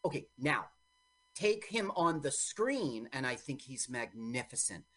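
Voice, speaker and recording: A woman co-hosting a radio show, bantering playfully about a movie, jokey and quick to interrupt. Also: a bass voice, big pitch swings, a bit bright. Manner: joking, quick to interrupt and argue. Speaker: radio co-host. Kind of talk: casual banter while watching a movie. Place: radio studio.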